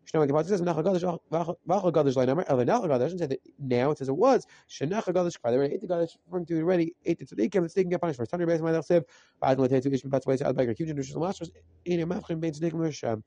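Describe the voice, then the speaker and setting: Man, Talmud teacher, very fast chanting delivery, dark mellow voice, dry close sound. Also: fairly high pitch, no room sound, dull audio. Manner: rapid translating chant mixing Aramaic phrases. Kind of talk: rapid daf yomi lesson.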